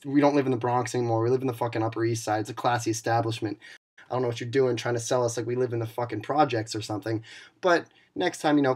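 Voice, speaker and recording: A young man in a profane, mock-angry comedic rant to camera, playing a league commissioner who insults his fellow video makers with sarcasm. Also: mid-range voice.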